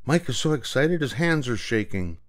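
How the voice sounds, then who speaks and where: A man's voice: medium pitch, lively intonation, moderate pace, voice pushed up, lightly acted. An older man voicing a mild, easygoing father. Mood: curious.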